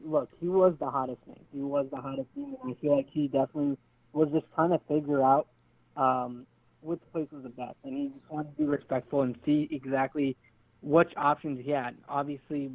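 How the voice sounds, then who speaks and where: A man calling into a live show, with a hoarse voice after he lost it shouting earlier, eager and keyed up. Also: medium pitch, level tone, fairly quick, dry recording. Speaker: caller. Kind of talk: phone call to a live show. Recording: dry tinny phone line.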